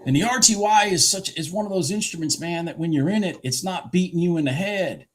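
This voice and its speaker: A man live-streaming his day trading, commenting excitedly on the market, swearing and repeating himself as he shifts between shouting and muttering. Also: sits high, a little fast, slight background noise. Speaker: livestream day trader.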